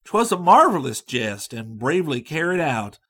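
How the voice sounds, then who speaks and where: A man's voice: fairly high pitch, sing-song, normal speed, fairly bright tone, husky, exaggerated voice. A man playing a sweet, playful young maiden. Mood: merry. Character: young woman, playful and loving.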